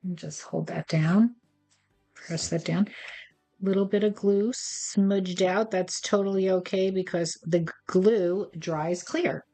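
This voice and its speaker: A woman's voice: on the low side, steady tone, takes it slowly, mellow, soft background music. A woman hosting a craft tutorial, chatty and playful as she talks viewers through each step. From United States. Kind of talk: casual step-by-step craft demonstration.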